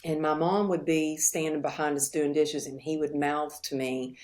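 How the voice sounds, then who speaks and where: Middle-aged woman guest, low register, earnest and reflective, halting now and then. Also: fairly even intonation, darkish tone. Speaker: podcast guest. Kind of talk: candid interview storytelling.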